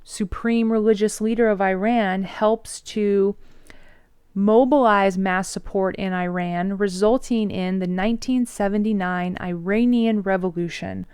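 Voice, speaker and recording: Clear-voiced woman teaching casually. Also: mid-range voice, fairly even intonation, a little slow, a little mellow, dry recording, studio quality. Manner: chatty, breezy, slangy storytelling. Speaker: history teacher. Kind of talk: casual history lecture.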